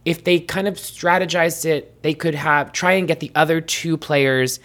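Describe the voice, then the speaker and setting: A man's voice: on the high side, fairly even intonation, normal speed, fairly bright tone. A man co-hosting a casual chat podcast, rambling with lots of ums and likes. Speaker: podcast co-host.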